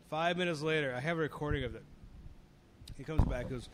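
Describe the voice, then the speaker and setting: A man's voice: on the high side, fairly quick, pauses often, noisy background. Swearing, rambling man with a raised voice. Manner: rambling storyteller, swears freely. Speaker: podcast co-host. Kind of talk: casual chat.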